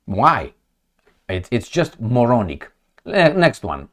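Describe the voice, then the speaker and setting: Sarcastic man, lively pitch. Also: takes it slowly. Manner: sarcastic, mocking, heated. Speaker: political commentator. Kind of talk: reading and reacting to news headlines.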